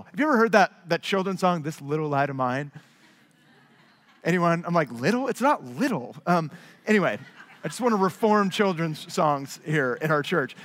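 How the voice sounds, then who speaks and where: A man preaching a sermon as pastor, with emphatic, repetitive rhetoric that swings between quiet low asides and raised, urgent stresses. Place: large church sanctuary. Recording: long hall reverb.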